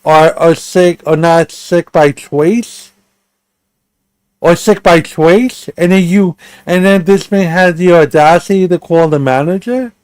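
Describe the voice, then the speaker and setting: A man hosting a reaction commentary stream, pausing the clip to pick apart what he heard in an incredulous, emphatic way. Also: fairly high pitch, darkish tone, clean tone, dry recording.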